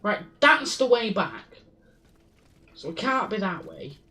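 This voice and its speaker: A woman's voice: mid-range voice, big pitch swings, slow pace, sharp tone, recorded from a distance. A woman streaming a game, swearing and talking to herself in frustration as she searches for the way forward. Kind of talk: live gameplay commentary.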